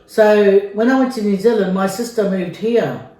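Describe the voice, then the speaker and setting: A woman's voice: mid-range voice, moderate pace, dark tone, recorded from a distance. A middle-aged woman from Samoa telling a story in a casual, chatty way, with lots of fillers and repeats. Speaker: vlogger. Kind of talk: casual storytelling during a mukbang. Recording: very echoey room.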